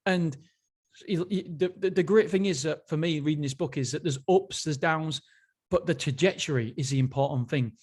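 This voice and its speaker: A man's voice: on the high side, normal speed, darkish tone, slightly rough. A man hosting a casual solo book review, enthusiastic and rambling, often restarting his sentences. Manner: enthusiastic, rambling, self-interrupting. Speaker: podcast host.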